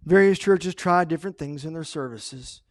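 A man preaching a sermon, animated, acting out the story's characters as he retells them. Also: a little high, normal speed. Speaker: pastor.

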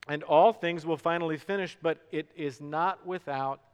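A middle-aged male pastor preaching a sermon, swinging from hushed to loud and stretching out words for emphasis. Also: on the high side, moderate pace, clean tone. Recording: long hall reverb.

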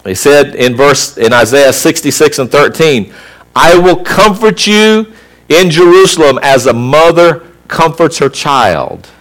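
A man's voice: fairly high pitch, animated, measured pace, fairly bright tone. A middle-aged man preaching a sermon. His voice often rises in emphasis, and he briefly imitates children and mothers. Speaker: pastor.

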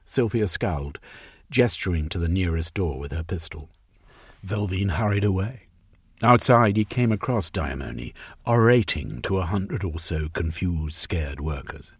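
A man narrating a story aloud in a measured, expressive reading. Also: low voice, husky, no room sound, studio quality. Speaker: audiobook narrator.

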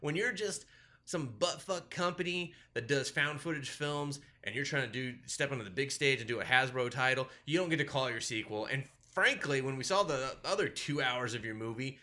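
A man's voice: mid-range voice, lively intonation, normal speed, bright, forceful tone. A man co-hosting a casual movie review chat, emphatic and blunt with frequent swearing.

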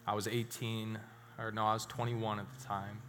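A male pastor preaching in a church auditorium, his low, forceful voice ringing through a long hall reverb. Faint music plays beneath him. He tells a story, then drops suddenly into a hushed, emphatic tone. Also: flat delivery, moderate pace, slight background noise. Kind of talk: sermon.

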